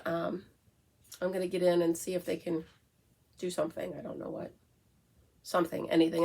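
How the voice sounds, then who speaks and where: A middle-aged woman from the United States hosting a casual morning coffee chat, chatty and breaking into baby talk with her dog. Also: mid-range voice. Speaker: vlog host.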